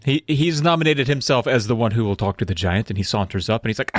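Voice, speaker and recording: A man co-hosting a podcast, retelling a book's plot in relaxed, chatty storytelling. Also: medium pitch, no echo. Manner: relaxed storytelling with quick acted quotes. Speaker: podcast co-host. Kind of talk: casual book recap chat.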